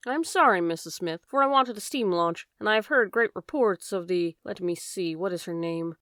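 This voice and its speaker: A woman voicing a shrewd, measured male detective in an audiobook. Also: lowish voice, no echo, clean studio sound, close to an everyday voice. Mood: calm. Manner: measured, courteous, quietly strategic. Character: cool, shrewd male detective, polite and probing.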